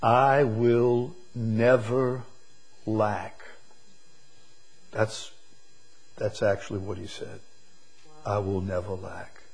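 A man preaching a sermon, drawing words out slowly and swinging from loud emphasis to hushed, quiet lines. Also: on the low side, flat delivery, creaky, husky, low-quality recording. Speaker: pastor.

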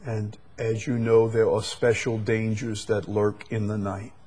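A male preacher delivering a sermon slowly and emphatically, with sudden loud, high bursts and soft drops. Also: level tone, slightly rough.

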